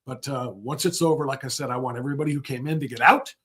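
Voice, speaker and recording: A man's voice: mid-range voice, quick pace, a bit bright, slightly rough. A middle-aged man hosting a livestream, giving rambling, sarcastic political commentary. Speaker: host.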